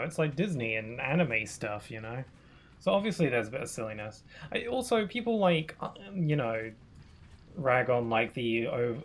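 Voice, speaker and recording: A man's voice: medium pitch, slight background noise. A man streaming a game, chatting casually with many fillers and restarts. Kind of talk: casual gameplay commentary.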